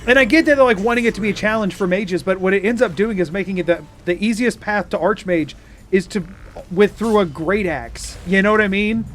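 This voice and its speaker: A man's voice: high-pitched, fairly quick, a bit bright, a little hiss or hum. A man giving playful, joking commentary as he streams a game and chats with his viewers. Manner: playful, jokey, talks to chat. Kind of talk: casual gameplay commentary.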